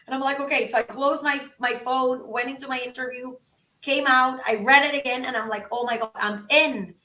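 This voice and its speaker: A woman guest on a podcast, telling a story in an animated, excitable way and acting out the quotes. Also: sits high, brisk, echoey room, recorded from a distance, poor audio. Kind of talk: casual storytelling.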